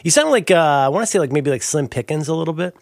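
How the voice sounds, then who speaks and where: A man's voice: fairly high pitch, animated, fast talker, gravelly, no room sound, studio quality. A middle-aged man co-hosting a casual chat, rambling and jokey, slipping into goofy impressions. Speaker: podcast co-host.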